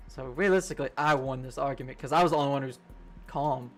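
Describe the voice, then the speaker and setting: A man's voice: medium pitch, quick pace, soft background music. Rambling, profane young male streamer. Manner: rambling, profane, laughs a lot. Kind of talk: casual storytelling while gaming.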